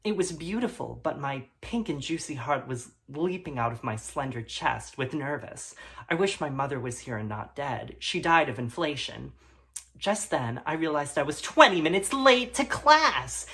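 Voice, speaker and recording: A man playing an awkward teenage boy who reads his melodramatic fan fiction aloud in a deadpan, hesitant way, with mumbled asides. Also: on the high side, normal speed. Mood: earnest. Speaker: comedy performer. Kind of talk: deadpan comic reading of melodramatic prose.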